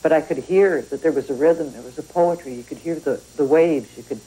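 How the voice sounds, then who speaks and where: A Canadian woman writer discusses her work in a thoughtful, conversational interview, speaking reflectively. Her voice is low, fairly quick, mellow and a little rough, captured on a rough recording.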